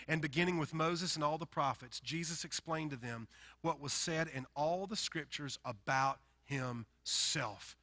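A man from the Deep South with a Southern accent, preaching a sermon in an animated, emphatic way, swinging between loud bursts and quiet stretches. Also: measured pace. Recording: long hall reverb.

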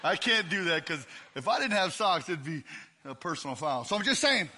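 A man preaching a lively, joking sermon in a church, often shouting out to the crowd. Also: a little high, fairly quick. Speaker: guest preacher. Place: church sanctuary.

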